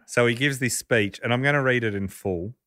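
A man's voice: mid-range voice, fairly quick, sharp tone, no echo, clean studio sound. A man hosting a podcast, telling a story in a casual, chuckling, conversational way.

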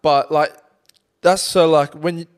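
A man's voice: a little high, fairly even intonation, measured pace, clean tone. A man co-hosting a podcast, telling a night-out story in casual chat, swearing freely and acting out quotes. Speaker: podcast co-host.

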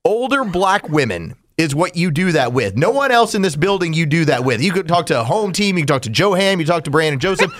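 A man's voice: fairly high pitch, very animated, fairly quick, few pauses. A man hosting a radio show, telling stories and teasing his co-host in a casual chat. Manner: teasing, storytelling.

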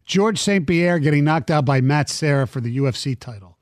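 Male sports radio host, emphatic, a bit high-voiced, dry close mic. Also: lively intonation, fairly quick, no room sound. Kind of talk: sports talk radio, reading listener texts.

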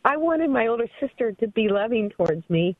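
A woman in her fifties from Southern California calls in to a radio show and tells her story earnestly and with feeling. Her fairly high voice is very animated and brisk. It comes through a thin, tinny phone line with no echo or room sound at all.

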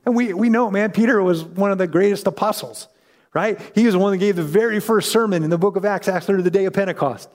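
A man's voice: high-pitched, fast, big-room sound. A man preaching a sermon in a conversational way, acting out the voices in the story he tells. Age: adult parent. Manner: conversational, acts out quoted voices. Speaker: pastor.

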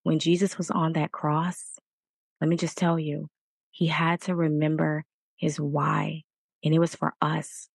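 A woman's voice: sits low, flat delivery, a little slow, vocal fry, breathy edge, dry recording, clean studio sound. A woman hosting a Christian podcast, talking earnestly and repeating her encouragements to keep going. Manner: earnest, repetitive exhortation. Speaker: podcast host.

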